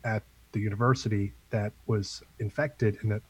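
Husky low-voiced man. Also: fairly even intonation, normal speed, poor audio. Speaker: librarian. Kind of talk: casual chat.

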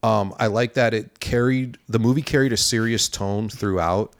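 A man with a somewhat low voice co-hosts a casual movie podcast. He rambles and hedges, piling up fillers as he works toward a point. The sound is dry and close. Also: steady tone, normal speed, no echo. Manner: rambling, hedging with many fillers. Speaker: podcast co-host. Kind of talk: casual movie review chat.

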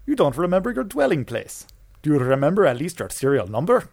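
A man's voice: on the high side, very animated, brisk, creaky, a little mellow, breathy edge, no room sound, studio quality, heavily acted. A man putting on a mock-Ukrainian chatbot boy. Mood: pushy.

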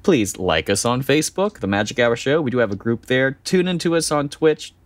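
A man's voice: mid-range voice, lively intonation, no room sound. A middle-aged man co-hosting a casual podcast chat, rambling a bit and laughing easily. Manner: chatty, rambling with restarts and a quick laugh. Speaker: podcast co-host.

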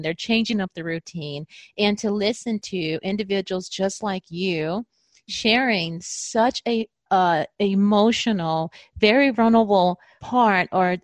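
A woman hosts a podcast, speaking in an effusive, encouraging way as she asks her guest follow-up questions. Her voice sits at a middle pitch, and it is recorded close and dry. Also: no room sound. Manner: warm-hearted and effusive, asks follow-ups. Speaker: podcast host. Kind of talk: podcast interview.

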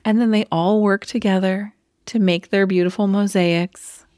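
A woman's voice: medium pitch, normal speed, no room sound, clean studio sound. A woman co-hosting a casual movie review podcast, telling her story with feeling. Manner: emotional, animated storyteller. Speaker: podcast co-host.

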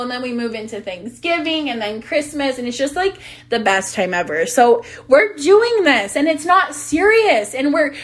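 A young woman vlogger and business coach chatting casually, bubbly, swearing freely and laughing often. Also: high-pitched. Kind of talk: casual chat. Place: sitting on a closet floor.

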